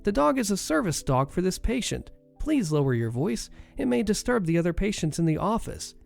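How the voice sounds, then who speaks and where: A man voicing a polite, patient female clinic receptionist who stays apologetic and calm. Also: high voice, brisk, creaky, faint music behind, pitched above the performer's own voice, full character voice.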